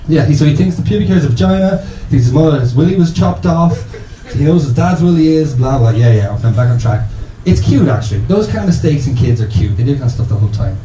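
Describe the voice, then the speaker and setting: A man's voice: mid-range voice, lively intonation, fast, few pauses, warm tone, echoey room, slight background noise, rough recording. An Irish man in his thirties doing a rambling, self-interrupting stand-up comedy set in a small bar venue. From Ireland.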